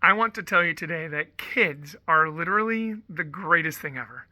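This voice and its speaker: A man's voice: fairly high pitch, lively intonation, normal speed, bright, forceful tone, dry recording. A man, a Catholic priest, giving a conversational homily full of storytelling and frequent asides of "right?". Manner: chatty storytelling, often asks "right?".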